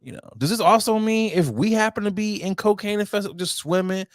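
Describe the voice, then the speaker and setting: A man's voice: a little fast, dry recording, clean studio sound. A man co-hosting a casual chat show, talking in a playful, loose and joking way. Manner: playful, loose and joking with lively swings in pitch. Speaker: podcast co-host.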